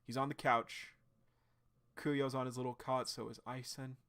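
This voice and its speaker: A man streaming his live reaction to a webcomic, talking at a middling pitch. He rambles with plenty of ums and likes, then breaks into excited outbursts. The delivery is loose, casual chat. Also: moderate pace.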